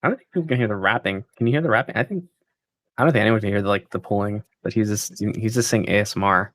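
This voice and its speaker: A man's voice: lowish voice, fast, fairly bright tone, no echo. A man hosting a live stream off camera, chatting in an upbeat way with viewers. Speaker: stream host. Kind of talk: casual live-stream chat. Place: off-camera, remote.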